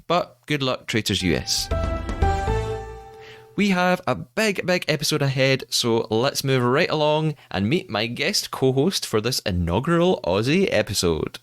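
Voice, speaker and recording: A man's voice: mid-range voice, big pitch swings, measured pace, a bit bright, faint music behind. A man from the UK hosting a podcast, narrating news and chatting with a guest with upbeat, playful emphasis. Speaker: podcast host. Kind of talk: podcast narration and casual chat.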